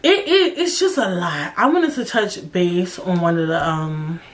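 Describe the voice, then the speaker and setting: A woman's voice: lowish voice, measured pace. A young woman hosting a solo podcast, talking casually and bluntly, with a lot of swearing and slang. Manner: blunt, profane, animated, drawling slang. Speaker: podcast host.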